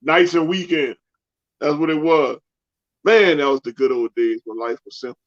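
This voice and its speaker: A man with a high voice, joking around and laughing often. He sounds animated and playful as he co-hosts a casual sports talk show. The recording is dull and lo-fi. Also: normal speed. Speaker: co-host.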